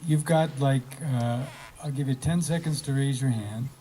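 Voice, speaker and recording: A man hosting a community graduation gathering, talking loosely with many pauses and fillers. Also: mid-range voice, warm tone, rough recording. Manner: hesitant, many fillers, offhand. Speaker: event host. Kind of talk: casual emcee talk.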